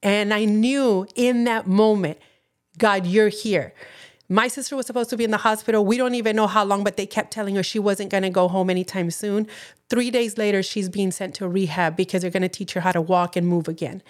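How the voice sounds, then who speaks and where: A woman's voice: medium pitch, fairly even intonation, fairly quick. Californian woman on a chat podcast, earnest, telling a faith story, acts out the voices. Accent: Californian English. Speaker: podcast co-host. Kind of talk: personal testimony in casual chat.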